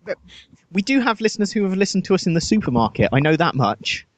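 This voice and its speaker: Lively, teasing male co-host. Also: sits high. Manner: quick teasing interjections. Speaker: podcast co-host. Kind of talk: comic podcast chat.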